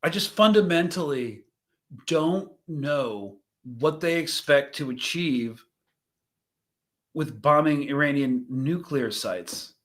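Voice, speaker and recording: A young man hosts a live stream and talks over news clips in a loose, rambling way. His voice sits a little high for a man, and he thinks out loud, trailing off and starting sentences again. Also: takes it slowly. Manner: rambling, thinks aloud with fillers and restarts. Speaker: host reacting to news clips. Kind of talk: casual live commentary.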